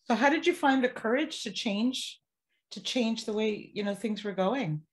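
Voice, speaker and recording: A woman hosting a podcast interview, asking questions with soft, encouraging murmurs. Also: on the high side, normal speed. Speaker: podcast host.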